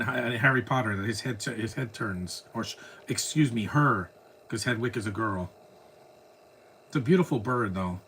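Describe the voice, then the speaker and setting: A man's voice: medium pitch, fairly bright tone, slight background noise. A man live streaming, chatting casually through a movie reaction, rambling and laughing at his own jokes.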